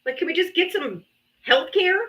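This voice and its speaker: A woman's voice: extremely high pitch, animated, normal speed, a bit bright, poor audio. A woman hosting a live debate stream, talking casually and bluntly, with frequent swearing and exasperation. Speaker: livestream debate host. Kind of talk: casual livestream talk.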